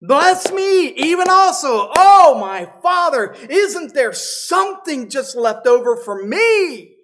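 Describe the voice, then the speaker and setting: A man's voice: extremely high pitch, very animated, slow pace, fairly bright tone, heavily acted. A pastor voicing a grieving young man who begs his father for a blessing, in a raised and wailing voice. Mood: pleading.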